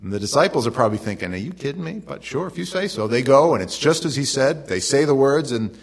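A middle-aged man preaching a sermon, telling the story in a relaxed, conversational way with lively asides to the congregation. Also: mid-range voice, quick pace, breathy edge. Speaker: pastor.

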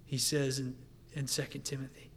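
A man preaching a sermon in an earnest way, dropping to a quiet, confiding tone and then building to a fervent pitch. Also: level tone, normal speed, a little hiss or hum. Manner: earnest, swings from hushed to fervent.

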